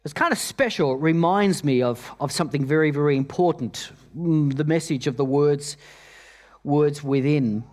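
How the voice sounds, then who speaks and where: Man preaching, voice a bit high, repetitive storytelling sermon delivery. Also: moderate pace, darkish tone. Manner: storytelling with many repeated words. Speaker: pastor.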